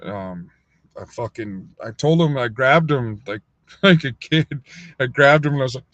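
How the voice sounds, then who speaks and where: A man casually telling a rambling, profane story on a livestream, full of fillers, sometimes acting out other people in a higher voice. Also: normal speed, fairly bright tone, no room sound. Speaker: livestream host. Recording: dull, lo-fi dry sound.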